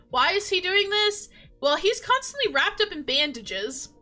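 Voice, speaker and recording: Young woman video creator, high voice, chatty and emotional, laughs a lot. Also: moderate pace, soft background music. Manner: animated, emotional, laughs often. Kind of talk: casual chat.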